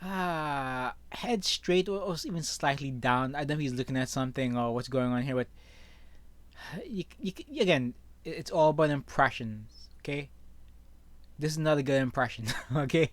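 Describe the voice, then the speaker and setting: A man acting as an online commentator reads the news and reacts, voicing firm opinions and often punctuating with "okay?". His voice is mid-range at a moderate pace, on a dry recording.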